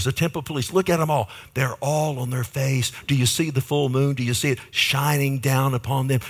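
A man preaching a sermon, telling stories vividly and calling out for amens, with sudden swings between loud and soft. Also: medium pitch, creaky. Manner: emphatic preaching, asking the congregation "Amen?". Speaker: pastor.

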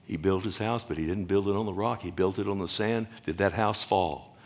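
A male pastor preaching a sermon, talking with emphatic swings between loud cries and quiet asides, and asking the congregation questions and calling for amens. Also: low voice, brisk.

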